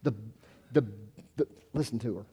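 A man's voice: mid-range voice, normal speed, dark tone, breathy edge. A middle-aged American man preaching a sermon in a conversational way, with asides and self-deprecating jokes, rising to emphatic peaks on key phrases. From United States. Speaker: pastor.

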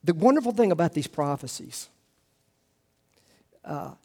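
Middle-aged guy preaching, kinda high voice, gets loud on the quotes then goes quiet. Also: big pitch swings, measured pace. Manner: earnest preaching with rising emphatic quotes and hushed asides. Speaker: pastor. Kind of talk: sermon.

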